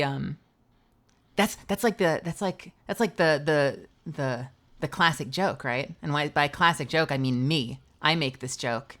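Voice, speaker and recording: Low-voiced, rambling streamer woman. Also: a bit bright. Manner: rambling, joking, self-mocking. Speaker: streamer and voice actor. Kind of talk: casual live-stream chat.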